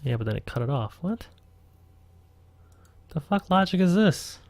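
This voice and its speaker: A man with a gravelly voice talks through a live tutorial at his computer, casual and profane, often muttering to himself. The sound is close and dry with no room. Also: on the high side, very animated, measured pace, a little mellow, dry recording. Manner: rambling, profane, self-talking. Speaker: game master streaming a tutorial.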